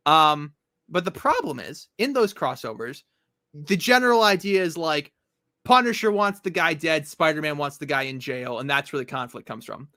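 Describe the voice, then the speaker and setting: Sarcastic bright-voiced young man. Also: a little high, expressive, normal speed, dry recording, clean studio sound. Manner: sarcastic, rambling, curses freely. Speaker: comic discussion co-host. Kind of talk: casual chat.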